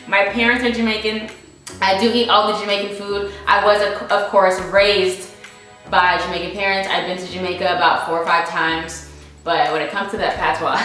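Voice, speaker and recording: Young female vlogger, casual and emphatic, bright voice, faint music under a very echoey room. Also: mid-range voice, far from the mic. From United States. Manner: chatty and emphatic, repeats points for stress. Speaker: vlogger answering viewer questions. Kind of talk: casual Q&A chat.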